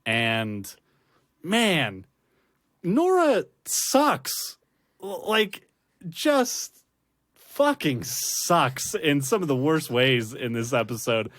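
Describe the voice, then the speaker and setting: A man's voice: on the high side, big pitch swings, extremely slow, a bit bright, no echo, studio quality. A man hosting a casual rewatch podcast, laughing often and rambling through fillers and restarts. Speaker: podcast host.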